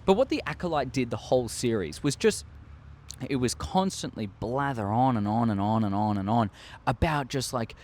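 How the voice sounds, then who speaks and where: An Australian man hosting a casual opinion vlog, rambling and excitable, with heavy swearing, talking into a desk microphone. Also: mid-range voice, normal speed. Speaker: show host.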